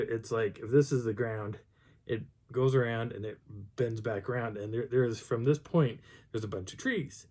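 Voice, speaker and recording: This man's voice is mid-range and a little mellow. A Bigfoot researcher from the Colorado high country, he casually rambles through a story about a mountain hike, often starting over and stopping to imitate the people he encountered.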